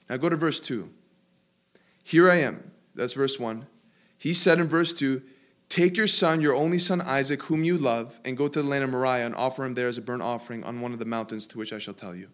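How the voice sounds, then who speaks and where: This male preacher questions his congregation as he delivers his sermon, and his voice has a slightly bright quality. He emphasizes key words by slowing his pace and raising his pitch.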